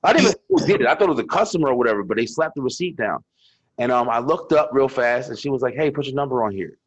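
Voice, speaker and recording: A quick-talking young man with a husky voice tells cursing-laced stories in a relaxed chat. His pitch swings widely as he acts out the lines of the people in them. The recording is a little muffled and lo-fi. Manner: loose, profane storytelling with acted-out quotes. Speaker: co-host. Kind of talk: casual chat.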